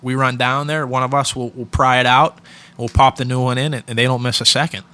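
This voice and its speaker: A man's voice: mid-range voice, fairly quick, clean tone. A man, a podcast guest who works with hockey equipment, chatting casually and telling stories with easy laughs. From Pittsburgh area. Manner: relaxed storyteller, laughs often. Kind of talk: casual interview chat.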